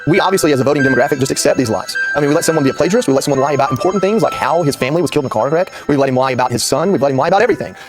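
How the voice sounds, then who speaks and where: A man's voice: on the high side, rapid-fire, few pauses, music in the background. A man commenting on a news panel in a sarcastic, mocking way. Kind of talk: opinion panel talk.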